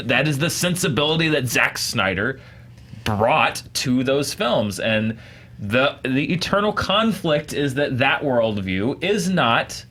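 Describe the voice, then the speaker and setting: A man with a mid-range voice thinks out loud on a panel. He is dry and wry as he lays out his argument, steady and unhurried. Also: medium pitch. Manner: measured, analytical, wry. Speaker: co-host. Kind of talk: casual panel chat.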